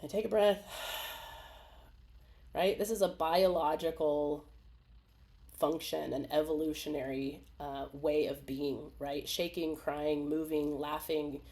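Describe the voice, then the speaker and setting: A woman with a fairly low voice hosts a casual live webinar over a video call. She talks in an animated, chatty way, laughing often and slipping into little acted-out voices. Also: a little slow. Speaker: webinar host.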